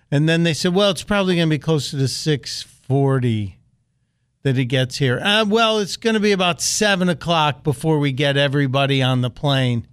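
A man's voice: a little high, smooth, no room sound, clean studio sound. A middle-aged American man hosting a radio talk show, telling a story and acting out the voices he quotes. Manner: animated, acts out quoted voices. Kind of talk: storytelling monologue.

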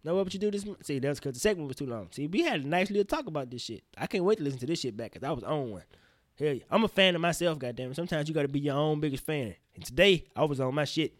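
A man hosting a casual solo podcast, rambling in slang with profane, animated outbursts. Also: a little high, rapid-fire, no echo, studio quality. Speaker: podcast host.

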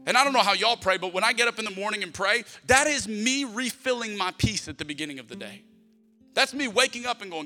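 A man's voice: high voice, lively intonation, fast. A middle-aged male pastor preaching a conversational sermon, acting out prayers and family moments as he talks. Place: church sanctuary. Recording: long hall reverb with soft music.

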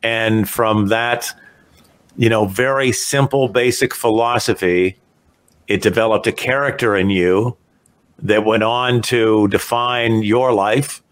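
A man's voice: on the low side, fairly even intonation, slow. A man hosting a podcast interview, asking rambling, searching questions. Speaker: podcast host.

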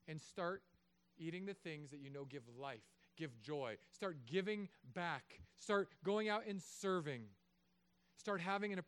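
High-voiced animated young pastor preaching. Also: male voice, clear, resonant tone. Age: 30s. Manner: animated, joking, acts out voices. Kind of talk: sermon. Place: church.

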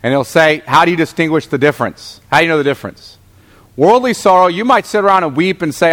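A man with a fairly high voice teaches scripture in a relaxed, conversational way. He keeps turning to the class with questions and often restarts his sentences. The sound rings out with the long reverb of a large hall. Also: fast talker. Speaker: pastor teaching a Bible class. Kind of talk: Bible teaching lecture.

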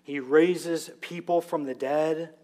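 Man, pastor, sermon, unhurried delivery, slightly high voice, emphatic storytelling. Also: steady tone, a little mellow. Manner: storytelling, emphatic, vivid asides.

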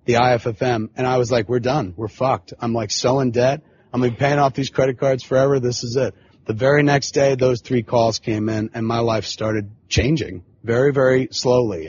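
A middle-aged man telling a long personal story in a casual, animated way, swearing freely and often saying "you know what I'm saying". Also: mid-range voice. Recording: slightly dull lo-fi sound with faint background hum.

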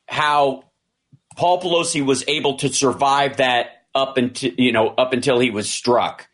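A man talking things through in a loose, conversational way, circling back and restarting his sentences. His pitch sits in the usual middle range for a man. He slips into quoted lines as he retells what happened. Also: a little slow. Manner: animated retelling, acting out quoted dialogue; frequent restarts and fillers. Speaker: commentator. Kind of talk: casual discussion.

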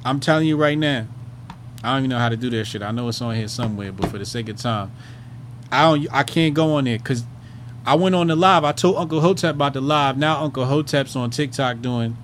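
Casual male host with an even, middling voice, chatting off the cuff, swearing a lot and stalling on "um" while he fumbles around. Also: mid-range voice, a little fast, a little hiss or hum. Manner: rambling, loose, swears freely, trails off with "um". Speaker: host of a commentary show. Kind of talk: casual profane commentary.

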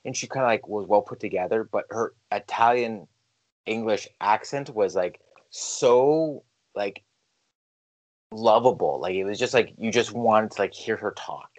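A man's voice: on the low side, measured pace, low-quality recording. A young man chatting casually as a podcast co-host, rambling, swearing and mumbling. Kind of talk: casual chat.

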